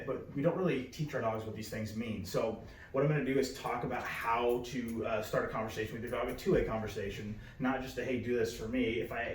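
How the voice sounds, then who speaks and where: A man teaching dog training in a casual, filler-heavy way, now and then switching to a high, bright praise voice. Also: slight background noise. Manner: casual, many fillers, raises pitch for praise voice. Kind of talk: instructional demonstration. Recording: echoey, from a distance.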